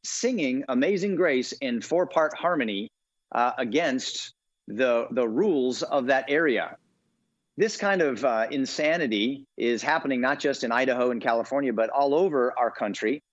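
A man's voice: medium pitch, moderate pace, no room sound. A middle-aged man being interviewed as a guest, telling stories animatedly with lots of uhs and ums. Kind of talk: casual interview talk. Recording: dull, dry lo-fi audio.

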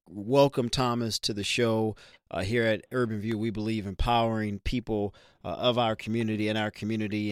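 A man hosting a talk radio show, energetic and conversational, introducing callers and guests. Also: on the low side, smooth, no echo, clean studio sound. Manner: energetic, conversational, quick asides.

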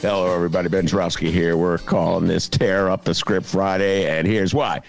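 A man hosting a comic talk podcast, rambling and excitable, often laughing at his own jokes. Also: low-pitched, a little fast, gravelly, soft background music. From Chicago. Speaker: podcast host. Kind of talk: casual comic talk show. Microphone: video call.

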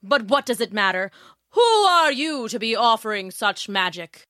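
A woman's voice: a little high, big pitch swings, moderate pace, sharp tone, dry recording, studio quality. A woman doing a greedy gold-loving king. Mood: eager. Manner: sings to guitar, then speaks in musing asides. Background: guitar music.

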